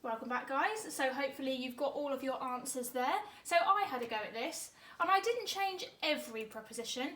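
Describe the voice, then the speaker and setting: A woman teaching an online grammar lesson to primary school children, upbeat and slowing down to spell words letter by letter. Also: sits high, lively intonation, bright, forceful tone.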